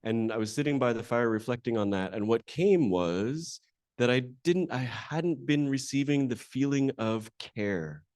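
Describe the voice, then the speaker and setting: Unhurried, with lively intonation and a darkish, medium-pitched tone, a man emcees a conference hall event. He introduces a panel, then conversationally shares a candid, self-deprecating story with the live audience. The studio sound is clean, with no room sound.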